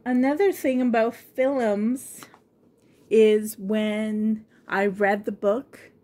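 Middle-aged woman, slow-paced, chatty and rambling, casual vlog. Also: medium pitch, darkish tone. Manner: rambling, chatty, laughs often. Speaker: vlogger. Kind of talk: casual chat to camera.

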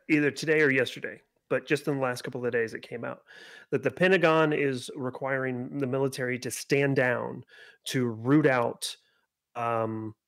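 Host, casual explainer, mid-pitched, dry close sound, talks to his chat. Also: vocal fry, fairly bright tone, no echo. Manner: explains news, asks the chat questions. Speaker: podcast host.

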